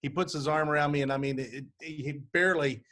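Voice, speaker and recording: A man's voice: fairly high pitch, fairly even intonation, fast talker, a bit bright. A man hosting an interview in casual chat. He is friendly and often stops and repeats words as he talks. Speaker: podcast host.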